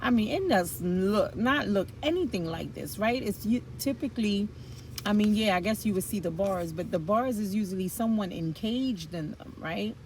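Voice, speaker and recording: A woman's voice: mid-range voice, lively intonation, moderate pace, a little mellow, slight background noise, poor audio. A woman giving a casual tarot reading, chatty and blunt, with frank slang and the odd swear. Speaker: tarot reader.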